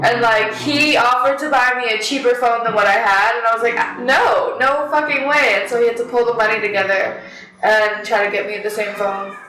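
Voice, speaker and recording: A young woman casually telling a story on a podcast, animated, swearing often and laughing. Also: on the high side, a little fast, reverberant, rough recording. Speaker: podcast co-host.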